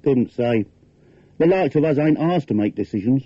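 An actor reading as a cynical Cockney working man who grumbles his way through a comic verse, firing off rhetorical questions with a lively, swooping pitch. The voice is husky and a little rough. It sounds dry and dull, like an old radio recording. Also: moderate pace, dry recording. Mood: wry grumbling.

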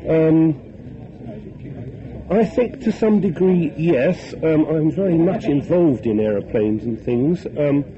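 A man's voice: on the high side, slow pace. A man from North London, a guest on a live radio interview, talking hesitantly and earnestly with many ums while he has a bad cold. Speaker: radio phone-in guest, poet and author. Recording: dull old radio broadcast with noise.

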